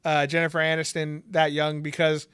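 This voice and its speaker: A man co-hosting a podcast in easygoing chat, his voice smooth and fairly high for a man. He laughs often and leans on ums and uhs. The sound is dry and close. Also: monotone, moderate pace, a bit bright, no echo. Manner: laid-back, laughs often, many fillers. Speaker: podcast co-host. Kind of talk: casual chat.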